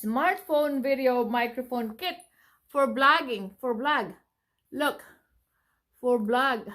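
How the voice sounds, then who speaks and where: A middle-aged woman talks through a casual unboxing vlog. Her voice sits a little high, and she speaks slowly and unhurriedly. She gushes, exclaiming and repeating herself as she goes. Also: fairly bright tone. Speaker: vlogger.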